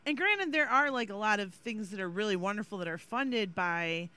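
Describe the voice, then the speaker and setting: A man's voice: high voice, expressive, normal speed, bright, forceful tone, clean tone. A man co-hosting a podcast, explaining social issues in an earnest, blunt casual chat. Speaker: podcast co-host.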